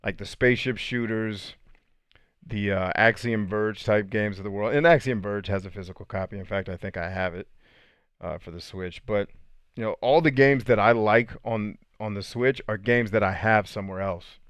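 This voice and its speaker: A man's voice: lowish voice, moderate pace, fairly bright tone, clean tone, no echo. A man hosting a podcast and reading out live chat comments in a casual, slangy way, laughing often.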